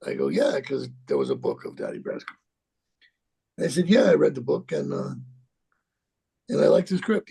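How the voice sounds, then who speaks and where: An actor in his sixties telling a rambling, profane story in an interview, halting and repeating himself. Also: on the high side, dark tone. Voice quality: gravelly, husky.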